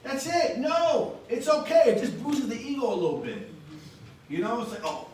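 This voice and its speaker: A man leading an energetic sales training for a live audience in a meeting room, acting out phone calls to show how it is done. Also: very high-pitched, fairly quick, slight background noise. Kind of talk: motivational training talk. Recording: echoey room from far off.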